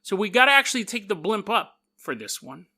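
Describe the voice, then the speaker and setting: A man hosting a podcast, telling stories in a casual, joking way, laughing often and putting on quick voices for the people in them. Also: sits high, very animated, sharp tone. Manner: laughs often mid-sentence. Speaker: podcast host. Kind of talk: casual storytelling monologue.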